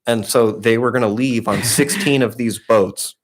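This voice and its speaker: A man's voice: medium pitch, steady tone, normal speed, a little hiss or hum. A young man co-hosting a podcast, telling a long story in a rambling, profane way, packed with "like" and restarts. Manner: rambling storyteller, heavy swearing and filler "like". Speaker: podcast co-host. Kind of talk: casual chat.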